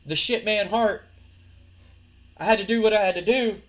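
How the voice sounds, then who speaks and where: A man doing a gruff tough-guy wrestler. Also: high voice, moderate pace, fairly bright tone, pitched above the performer's own voice. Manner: blunt, macho.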